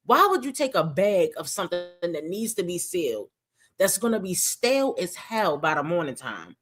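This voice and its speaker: A woman's voice: fairly low pitch, big pitch swings, moderate pace, fairly bright tone. Sassy woman streamer reacting to a video. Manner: sassy, rhetorical questions, talks to chat. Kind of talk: casual reaction commentary.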